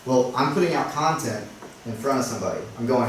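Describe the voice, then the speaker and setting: This realtor talks casually to a small workshop group at a medium pitch and a slightly quick pace, joking at his own expense and playing out doorstep exchanges with frequent "right?"s. The meeting room echoes, the mic is distant, and a faint noise lingers underneath.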